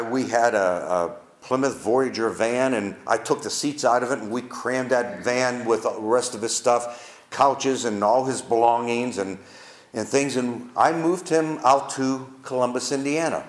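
Older male pastor, heartfelt storyteller, lively rising and falling pitch, roomy echo. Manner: heartfelt, emphatic, repeats phrases. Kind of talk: storytelling sermon.

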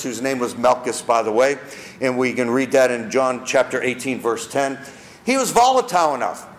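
A man preaching a sermon, asking his listeners rhetorical questions. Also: fairly high pitch. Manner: asks the audience rhetorical questions; acts out quoted people in character. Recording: echoey room.

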